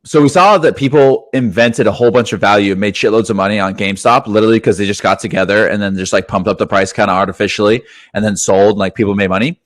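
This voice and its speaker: A young man co-hosting a casual podcast, talking excitedly and swearing often, with "dude" in every other sentence. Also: fairly low pitch, quick pace, few pauses. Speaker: podcast co-host.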